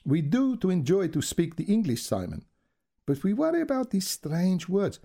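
A woman's voice: fairly low pitch, huge pitch swings, moderate pace, gravelly, dark tone, pitched above the performer's own voice, exaggerated voice. A man voicing an eager Spanish tourist woman with a Spanish accent, asking earnest questions in broken English. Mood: puzzled.

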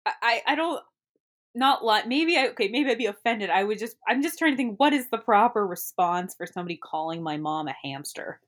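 A woman's voice: medium pitch, animated, a little fast. A woman in casual chat as a podcast co-host, rambling and giggly with many restarts.

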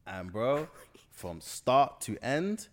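A man's voice: medium pitch, big pitch swings, slow pace. A young man from South London with a London accent, chatting casually as an interview guest, rambling and slangy with lots of restarts. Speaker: guest filmmaker.

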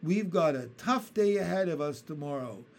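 A man reading a children's storybook aloud, voicing an old, stern male grasshopper who speaks slowly and scornfully. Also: fairly high pitch, expressive, a little mellow, voice pushed up. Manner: slow, scornful and dignified.

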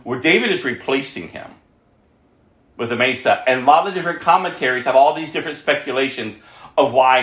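A man's voice: medium pitch, fairly bright tone, echoey room. A man preaching a sermon, reading scripture aloud and breaking off to explain it conversationally.

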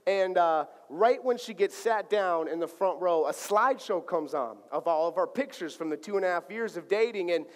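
High-voiced male pastor in an echoing hall. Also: moderate pace, few pauses. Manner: animated, acts out dialogue playfully. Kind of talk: sermon with personal storytelling. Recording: long hall reverb.

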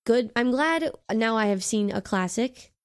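A woman's voice: fairly high pitch, measured pace, smooth. Chatty young woman podcast co-host. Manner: chatty, animated, quotes lines in put-on voices. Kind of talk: casual chat about a movie.

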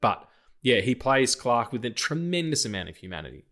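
A man co-hosting a film podcast in casual chat. His pitch swings widely as he jokes and swears. He breaks into loud outcries when something annoys him. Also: brisk. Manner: animated, sweary, joking, bursts into loud outcries. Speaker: podcast co-host.

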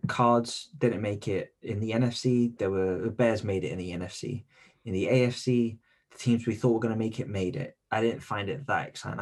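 A man's voice: on the low side, darkish tone, slightly rough. A man co-hosting a casual sports podcast, teasing and argumentative, often repeating his words. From United Kingdom. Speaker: podcast co-host.

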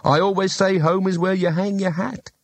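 A man's voice: high voice, fairly even intonation, dry recording, voice pushed up. A man doing a fussy little shopkeeper. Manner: chatty, brisk.

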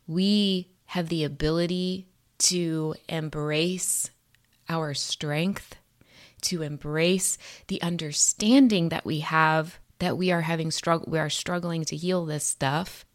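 A woman with a slightly low voice gives a spiritual tarot and astrology reading straight to her viewers. She is earnest and encouraging, and she mixes in casual swearing and street slang.

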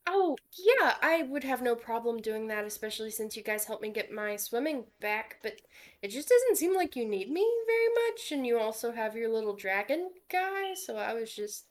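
A woman's voice: a little high, big pitch swings, normal speed. A woman running a tabletop game and voicing a healer, chatting casually and joking at her own expense. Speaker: game master.

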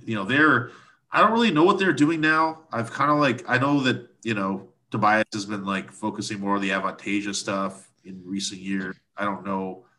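A man's voice: on the low side, bright, forceful tone. A man chatting casually about live shows, laid-back and profane, with lots of fillers. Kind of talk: casual chat.

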